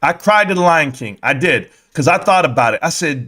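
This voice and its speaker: Profane rambling man with a high voice. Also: lively intonation, a little fast, few pauses, pushed and bright. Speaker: live-stream stock commentator. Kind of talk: casual live-stream rant.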